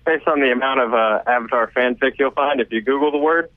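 A man, a comedian guest, making dry, deadpan quips. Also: mid-range voice, fast, no room sound. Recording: dry, tinny phone line.

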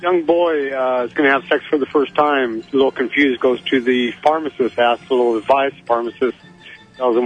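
A man phones in a joke with a relaxed, casual delivery at a middle pitch. His voice comes through a dull, muffled phone line. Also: a little fast, soft background music. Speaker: caller.

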